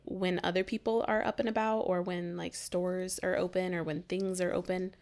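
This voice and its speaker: A woman co-hosting a podcast, chatting casually and laughing, sometimes slowing down to think. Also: lowish voice, level tone, a little mellow. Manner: chatty, laughs often, drawls when thinking. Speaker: podcast co-host. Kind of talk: casual chat.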